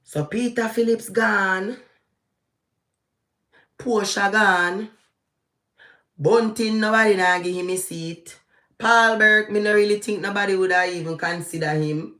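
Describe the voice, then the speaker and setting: A middle-aged Jamaican woman talks politics with a bright, forceful edge, her voice bouncing around a roomy space. Her Jamaican accent thickens into patois as she rants, stretching key words out slowly and loudly, then rushing through her asides. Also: medium pitch. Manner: animated, ranting, shifting into patois. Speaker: vlogger. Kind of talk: live political commentary.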